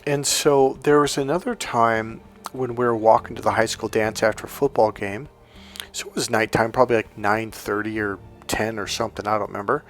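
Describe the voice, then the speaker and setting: A man's voice: lowish voice, steady tone, brisk, faint music behind. Man telling a story casually, loose filler-laced delivery. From Northern California. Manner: casual, heavy use of "like", acts out quoted lines. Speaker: relationship coach. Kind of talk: storytelling monologue.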